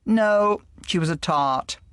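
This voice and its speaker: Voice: mid-range voice, slow, fairly bright tone, smooth, dry recording, studio quality. A reader doing a weary, resigned man. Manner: tired, resigned. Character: weary man in his early forties.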